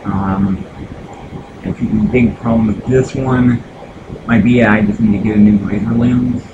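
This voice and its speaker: A man's voice: on the low side, steady tone, a little slow, muffled recording, background noise. A man from the United States chatting casually while streaming retro games, rambling with lots of fillers and restarts. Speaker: gaming streamer. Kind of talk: casual live-stream chat.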